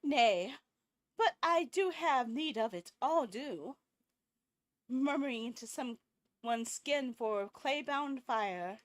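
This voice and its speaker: A woman doing a slow, highbrow lady critic. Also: a little mellow, full character voice. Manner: archaic, highbrow speech, slow and drawn out. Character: refined, theatrical female visitor, a gentle critic.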